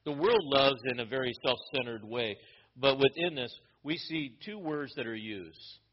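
Male pastor, mid-pitched, teaching a sermon verse by verse, muffled lo-fi recording. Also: moderate pace. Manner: explanatory Bible teaching with frequent restarts.

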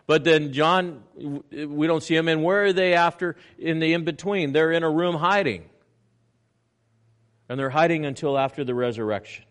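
A man preaching a sermon, animated, acting out little scenes in quoted voices. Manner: animated preaching with swings in pitch and loudness. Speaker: pastor.

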